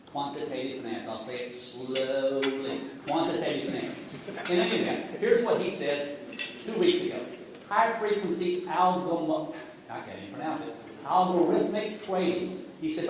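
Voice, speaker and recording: A man's voice: on the high side, darkish tone. A middle-aged man, giving a sarcastic, jokey talk on finance to a live audience and speaking to it directly. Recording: echoey hall from far off, noisy.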